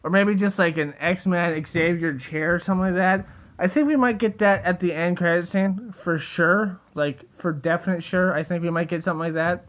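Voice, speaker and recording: A young man rambling excitedly in a casual solo video, full of fillers and restarts. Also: sits high, normal speed. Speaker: theory video host.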